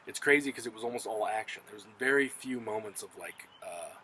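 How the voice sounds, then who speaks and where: A man casually reviewing a TV episode, retelling the plot in an excited, profane, rambling way. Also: fairly low pitch, a little fast, rough recording. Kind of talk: casual spoken recap and review.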